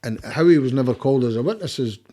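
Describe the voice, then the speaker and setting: A man's voice: medium pitch, fast talker, dark tone. A man with a Scottish accent, a podcast guest, telling a long rambling story in casual talk, repeating words and swearing freely.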